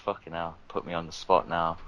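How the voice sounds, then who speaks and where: A man's voice: deep voice, little pitch movement, a little fast, fairly bright tone, highs cut off. A young man bantering in a casual group podcast, swearing often. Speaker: podcast guest.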